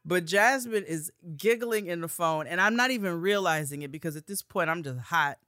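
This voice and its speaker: A woman telling a story in casual chat, animated and profane, acting out heated quotes. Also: on the low side, normal speed, no room sound, studio quality. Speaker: podcast host telling a story.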